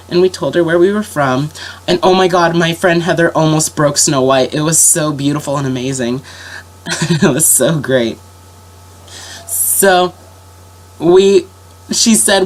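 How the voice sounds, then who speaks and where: A young woman vlogger with a sick-sounding voice tells a story casually and ramblingly, piling on fillers and restarting herself. Her pitch is fairly low and she talks a little slowly.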